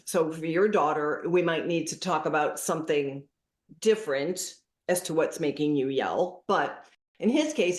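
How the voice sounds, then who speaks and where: A middle-aged woman, a parenting specialist guest, telling stories in casual interview chat. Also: sits low. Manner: animated storytelling, acting out dialogues. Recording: echoey room.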